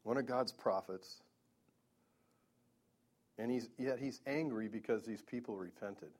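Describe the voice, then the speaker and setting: A man's voice: medium pitch, a little slow, a little mellow. A man preaching a Bible-teaching sermon, earnest, with stammering restarts and emphatic peaks.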